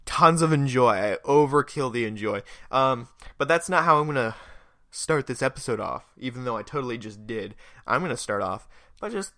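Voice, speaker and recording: A young man hosts a casual solo podcast, rambling and poking fun at himself. His voice is bright and a little stuffy from a cold. It is recorded close on the mic in a dry, dead room. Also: lowish voice, animated, normal speed, no room sound. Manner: rambling, self-deprecating, joking. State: stuffy nose. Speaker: podcast host.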